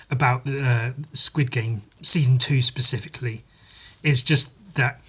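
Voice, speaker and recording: Sweary, animated man with a husky voice. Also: mid-range voice. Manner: animated, sweary, acts out sound effects. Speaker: podcast host and comic artist. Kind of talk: casual chat, acting out scenes.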